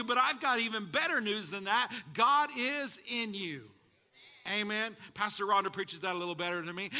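A man preaching a sermon, calling out to his congregation and building to shouts at the high points. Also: expressive, normal speed. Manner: call-and-response preaching to a congregation. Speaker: pastor.

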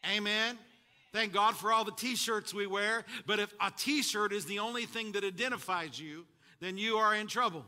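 A man preaching a sermon, calling out to his congregation and building to shouts at the high points. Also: normal speed. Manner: call-and-response preaching to a congregation. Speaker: pastor.

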